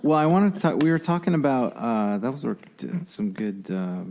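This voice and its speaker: A man hosting a casual interview, who jokes and drops in quick interjections. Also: mid-range voice, big pitch swings, a little mellow. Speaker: podcast host.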